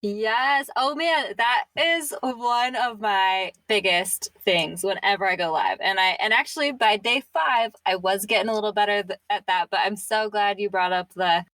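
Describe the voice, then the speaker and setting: A woman's voice: medium pitch, moderate pace, hardly any pauses, a bit bright, no room sound, low-quality recording. Chatty woman podcast host, dry sound. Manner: chatty, laughs often, uses many fillers. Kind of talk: casual interview chat.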